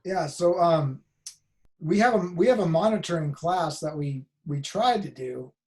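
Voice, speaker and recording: A man's voice: on the high side, a little slow, darkish tone. Rambling male instructor on a video call. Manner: rambling, many restarts and fillers. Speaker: college instructor. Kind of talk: casual online class talk.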